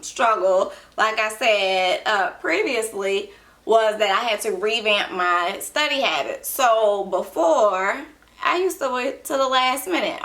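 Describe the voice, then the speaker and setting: Chatty bright-voiced woman. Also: fairly high pitch. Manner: chatty, loose storytelling with frequent fillers. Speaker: ER nurse and beauty blogger. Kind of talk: casual personal vlog. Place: room at home.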